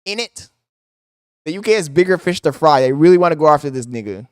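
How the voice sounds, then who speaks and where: A man's voice: fairly high pitch, lively intonation, very fast, clean tone, no echo, clean studio sound. A man streaming live, mocking clips in crude, swearing commentary.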